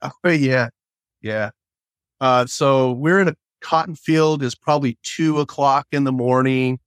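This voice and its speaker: A middle-aged man, a former border agent, telling stories in a relaxed way with many fillers and laughs. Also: medium pitch, measured pace, clear, resonant tone, no room sound. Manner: laid-back, laughs often, many fillers. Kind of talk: casual storytelling.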